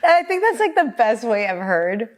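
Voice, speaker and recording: A woman with a Spanish accent, a political candidate talking as a guest in casual conversation, animated and laughing often. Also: on the high side, normal speed. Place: home.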